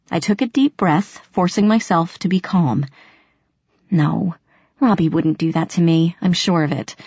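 Woman reading an audiobook, lowish voice, dry dull recording, dramatic. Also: no echo. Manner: dramatic, expressive first-person reading. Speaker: audiobook narrator. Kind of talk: first-person audiobook narration.

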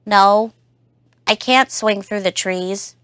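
A woman's voice: medium pitch, takes it slowly, fairly bright tone, clean tone, no echo, clean studio sound. A woman voicing a small, downhearted little frog in a children's storybook recording. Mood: sad. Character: small sad little frog who learns to be happy.

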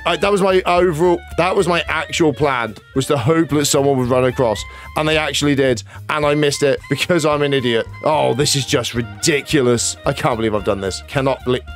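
A man giving casual gameplay commentary, chatty, self-mocking and easily exasperated. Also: on the high side. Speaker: gaming YouTuber. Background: faint background music.

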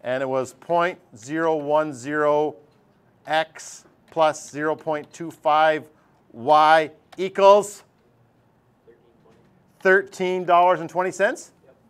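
A middle-aged male math teacher lectures his classroom in a bright, slightly high voice. He jokes as he goes and slips into playful impressions of his students. His delivery is quick and animated. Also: clean tone. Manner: lively, jokey, acts out student voices.

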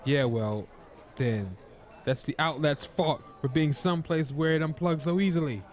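Guy doing a hothead young reporter, yelling, indignant, voice shoots up high. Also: moderate pace, natural voice. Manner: shouting, indignant. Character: hot-tempered young male tabloid reporter.

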